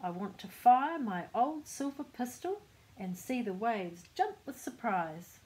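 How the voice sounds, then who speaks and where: A bold, sharp-tongued old pirate woman, as a grandmother puts her on while reading a storybook aloud. The voice is a little higher and louder than her plain reading, lively and commanding. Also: a little slow, low-quality recording.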